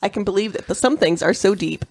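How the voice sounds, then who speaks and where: A woman's voice: mid-range voice, animated, quick pace, a little mellow, slightly rough, no room sound. A woman co-hosting a casual podcast, asking curious questions and making jokes. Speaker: podcast co-host.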